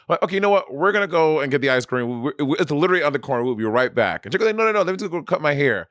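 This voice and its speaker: A man's voice: on the high side, racing, few pauses, no room sound, studio quality. A man with a Saint Lucian accent co-hosting a podcast, telling stories with lots of laughter. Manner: animated storytelling, laughs often. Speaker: podcast co-host. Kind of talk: casual chat.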